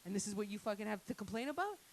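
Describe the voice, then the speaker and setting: A woman's voice: medium pitch, lively intonation, racing, a little mellow, a little hiss or hum, rough recording. A woman doing a crude, rambling stand-up set with lots of asides to the crowd. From Italian-Canadian family. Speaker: stand-up comedian. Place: comedy night venue.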